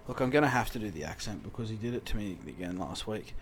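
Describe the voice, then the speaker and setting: A man's voice: fairly low pitch, lively intonation, fast, a little hiss or hum. An Australian man in casual podcast chat, rambling about his early-morning routine and cursing freely. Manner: rambling, swears freely, gets loud when riled.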